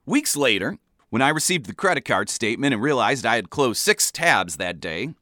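Guy reading his own funny stories, wry and deadpan but pitch jumps all over, bright sharp voice, dry close mic. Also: normal speed, dry recording. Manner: wry, deadpan storytelling with animated swings. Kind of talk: comic memoir narration.

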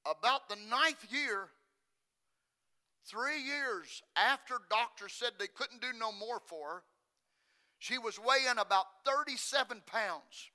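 A male preacher gives an impassioned sermon in a very high, cutting voice, slow and expressive. He swings from near-whispered, intimate passages to full shouting.

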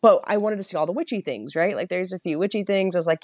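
A woman's voice: lowish voice, fast, darkish tone, no echo, studio quality. A woman co-hosting a podcast, telling rambling stories in casual chat and playfully mimicking other people's voices. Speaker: podcast co-host. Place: Boston area.

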